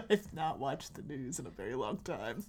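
A woman's voice: rumbling low, very animated, normal speed, slightly rough. A woman co-hosting a podcast in casual, joking banter, laughing often. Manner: playful, jokey, laughs often. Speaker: podcast co-host.

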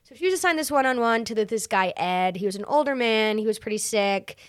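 A woman from New York City telling stories as a guest on a casual podcast chat, in an animated way. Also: fairly high pitch, fast, clear, resonant tone, no echo, clean studio sound. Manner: animated storyteller. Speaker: guest, playwright and comedian.

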